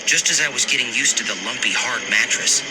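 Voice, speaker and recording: A man narrating a scary story in a lively, expressive reading. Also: medium pitch, brisk, rough recording. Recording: narration over loud background music.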